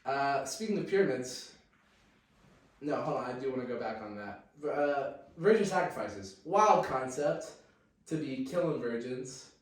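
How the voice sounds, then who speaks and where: A man's voice: mid-range voice, animated, normal speed. Joking man in a very echoey room. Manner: joking, rambling, crude. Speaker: podcast host. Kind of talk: casual banter podcast. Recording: very echoey room, mic at a distance.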